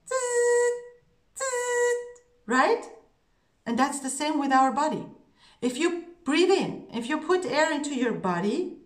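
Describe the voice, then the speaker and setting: Woman coaching singers in an echoey room. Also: high voice. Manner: earnest, coaching, checks in with "okay?" and "yeah?". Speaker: singing teacher. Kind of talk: voice lesson.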